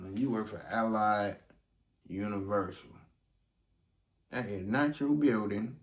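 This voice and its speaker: A man with a low voice talks through events in a casual, rambling way, leaning on ums. He sits back from the mic, so the room rings around him. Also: unhurried, long pauses, slight background noise. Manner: loose and conversational, full of ums. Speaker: vlogger recapping a court trial. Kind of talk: casual commentary. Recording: roomy sound, distant from mic.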